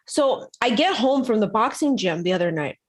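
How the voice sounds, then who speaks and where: A woman co-hosting a casual talk show, telling a home story in an animated way and acting out the people in it. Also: fairly high pitch, moderate pace. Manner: animated storytelling with acted quotes. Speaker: podcast co-host. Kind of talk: casual chat.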